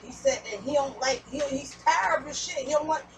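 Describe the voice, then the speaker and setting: A woman's voice: sits high, fairly quick. A woman doing a casual spiritual message reading as a tarot reader, blunt and profane, talking straight to her viewers. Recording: distant mic with background noise.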